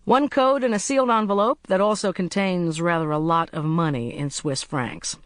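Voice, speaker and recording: A narrator voicing a cheerful, brisk young male agent in an audiobook. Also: medium pitch, no echo, clean studio sound, lightly acted. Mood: breezy. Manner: brisk, blithe, chatty. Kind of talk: audiobook character voice.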